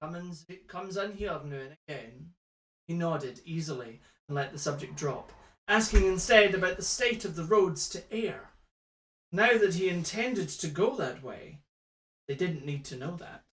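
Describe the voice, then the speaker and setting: A man's voice: fairly high pitch, animated, normal speed, a bit bright. Scottish man reading aloud in an echoey room. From Scotland. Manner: dry, joking, reads with asides. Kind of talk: tipsy live reading and banter.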